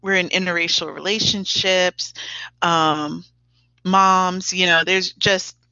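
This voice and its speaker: A woman guest speaks slowly and steadily in a bright, forward voice that sits a little low. She is measured and often breaks into laughter. The recording is dull and lo-fi. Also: steady tone, no echo. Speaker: teacher and playwright, guest. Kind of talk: conversational interview.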